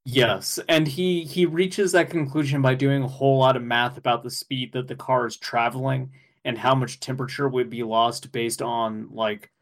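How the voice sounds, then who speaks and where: A man co-hosting a podcast, chatting casually and excitedly, laughing often and rambling with fillers. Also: mid-range voice, moderate pace, hardly any pauses. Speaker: podcast co-host. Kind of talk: casual chat recapping an anime episode.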